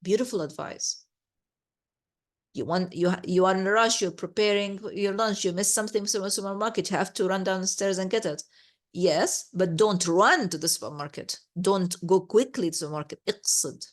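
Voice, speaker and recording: A woman leading a study class, mid-pitched, talking patiently, restarting phrases. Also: normal speed. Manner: patient and explanatory, with frequent restarts. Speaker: Quran study teacher. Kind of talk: teaching a reflection class.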